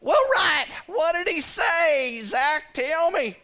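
A man voicing a teasing old wife, very high. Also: expressive, takes it slowly, bright, forceful tone, exaggerated voice. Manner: needling, teasing questions. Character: teasing skeptical elderly wife.

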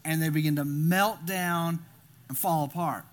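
A man preaching a sermon, animated and storytelling, acting out scenes and often restarting his words. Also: on the high side, measured pace. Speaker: pastor.

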